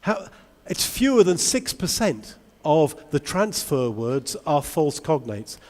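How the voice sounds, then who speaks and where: A man giving a lively conference talk to English teachers, asking the audience many questions. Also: a little high, slow pace. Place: large convention hall. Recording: long hall reverb.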